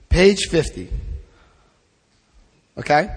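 A man's voice: high-pitched, fairly quick, long pauses, husky, big-room sound. Blunt, jokey man leading a workshop. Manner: lively, blunt and jokey, mixing reading aloud with asides. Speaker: recovery workshop leader. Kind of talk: teaching a twelve-step study session.

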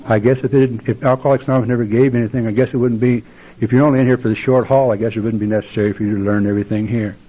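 A man's voice: medium pitch, fairly even intonation, very fast, slightly rough. An older man telling his recovery story at a meeting, wry and blunt and plainspoken. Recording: dull lo-fi tape.

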